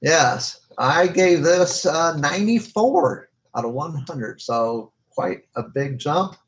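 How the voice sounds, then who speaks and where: A man co-hosting a podcast, reviewing movies in a casual, hesitant way with lots of filler pauses. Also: a little high, expressive, low-quality recording.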